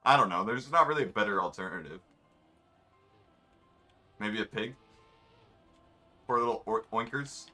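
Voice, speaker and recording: A man's voice: on the low side, lively intonation, normal speed, long pauses, pushed and bright, faint music behind. A man, rambling in wry, offhand asides while commenting on his racing game. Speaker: gamer streaming a race. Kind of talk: casual gameplay commentary.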